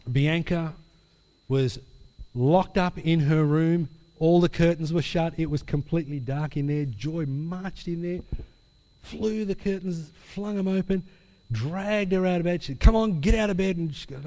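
A man preaching a sermon, telling an animated story and acting out the dialogue. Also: a little high. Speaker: pastor. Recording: long hall reverb.

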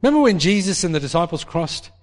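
A man preaching a sermon in an animated way, acting out the voices of people in his stories. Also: sits high, fast talker. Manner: animated, acts out quoted voices. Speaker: pastor. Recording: long hall reverb.

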